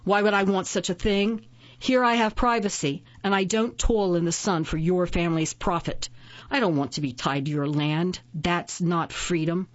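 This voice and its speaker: A proud, scornful imprisoned witch , as a woman narrator puts her on, answering in cold, cutting retorts. The voice sits fairly low and is recorded dull and dry, close to the mic. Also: moderate pace, dry recording, lightly acted.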